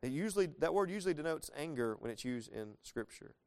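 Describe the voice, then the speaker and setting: A man's voice: fairly high pitch, lively intonation, quick pace, a little mellow, smooth. A man in his thirties, a pastor giving a casual, earnest verse-by-verse sermon with sudden swells of emphasis.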